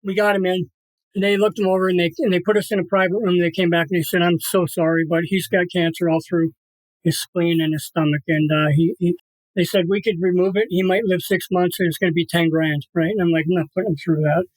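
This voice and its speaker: A middle-aged man with a high voice speaks a little fast and flatly on a dry, rough recording. As an interview guest he tells an emotional personal story earnestly, repeating himself and acting out the voices of the people in it.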